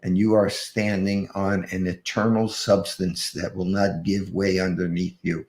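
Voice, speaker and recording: A male guest speaker closing his presentation, halting with many fillers and restarts. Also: deep voice, little pitch movement, darkish tone, roomy sound.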